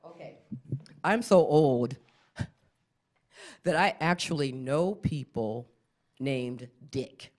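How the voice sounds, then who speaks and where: Middle-aged lady doing stand-up, really lively pitch, keeps popping into squeaky voices. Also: slow, long pauses. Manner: animated, jumps into squeaky acted-out voices. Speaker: stand-up comedian. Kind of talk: stand-up comedy set.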